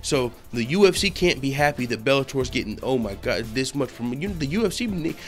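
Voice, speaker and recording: A man giving casual news commentary on a video blog, animated and swearing often. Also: medium pitch, a little fast, soft background music. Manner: animated, swears a lot, acts out quotes loudly. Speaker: MMA news vlogger.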